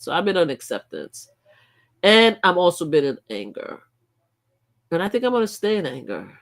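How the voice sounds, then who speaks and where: A middle-aged woman, hosting a casual livestream and talking emphatically, dropping to low mutters and rising into loud outbursts. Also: big pitch swings, moderate pace, creaky, pauses often. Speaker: livestream host.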